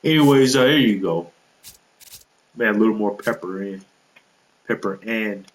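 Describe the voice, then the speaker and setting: A man's voice: fairly low pitch, normal speed, roomy sound, slight background noise, rough recording. A man rambling casually through a walkthrough of his created game roster, with lots of fillers and self-corrections. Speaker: gaming video creator.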